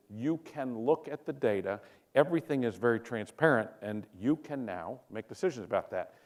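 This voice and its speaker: A middle-aged man, a physician, giving a conference talk in a joking, storytelling way and putting questions to the audience. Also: medium pitch. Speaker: physician speaker.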